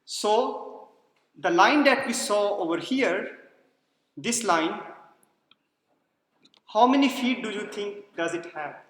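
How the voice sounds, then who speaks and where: A man's voice: high-pitched, animated, slow pace, pauses often, fairly bright tone. A man giving a lecture, explaining step by step and posing questions to the class before answering them himself. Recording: echoey roomy hall sound.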